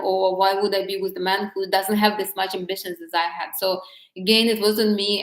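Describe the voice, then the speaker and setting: A woman's voice: medium pitch, roomy sound. A woman talking candidly to camera about dating, chatty, with frequent restarts and light laughs. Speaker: vlogger giving dating advice. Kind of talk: casual talk to camera.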